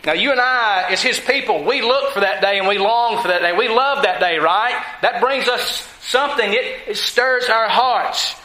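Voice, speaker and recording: A man preaching a sermon to a congregation, with deliberate emphasis and frequent rhetorical questions. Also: sits high, sharp tone, reverberant, slight background noise, poor audio.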